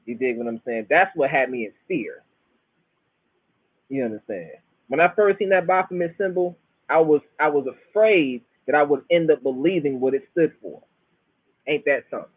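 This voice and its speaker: A show host with a Florida Southern accent rambles through a casual monologue full of laid-back slang, profanity, and stories. His voice is fairly high and breathy at a moderate pace, and the dry, tinny audio sounds like a phone with no room sound.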